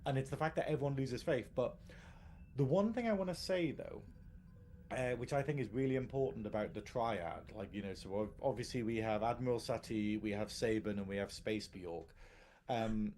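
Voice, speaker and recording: A man's voice: mid-range voice, normal speed, a little mellow, slight background noise. A man co-hosting a casual live podcast, rambling and restarting his sentences, laughing often. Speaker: podcast co-host.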